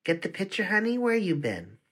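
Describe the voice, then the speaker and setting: A reader putting on a sassy, streetwise teenage girl with a blunt tongue and a teasing lilt. It sounds like a storybook reading at a middling pitch. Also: huge pitch swings, brisk, husky. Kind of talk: audiobook reading.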